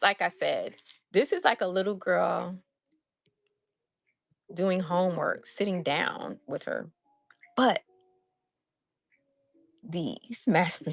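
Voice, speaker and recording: A woman running a casual live stream where she sells handmade crafts. She is loud and excitable and chats with viewers in the chat. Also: lowish voice, creaky, no room sound. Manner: loud, by her own word.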